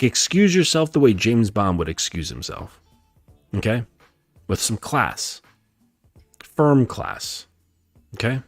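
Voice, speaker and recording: A male dating coach giving a calm, emphatic coaching talk, repeating his points and often checking in with "okay?". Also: fairly low pitch, dry recording. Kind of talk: lecture-style coaching talk.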